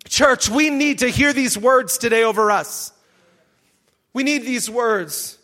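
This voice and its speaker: A male pastor preaching a sermon in an animated way, shouting for emphasis. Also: very high-pitched, takes it slowly.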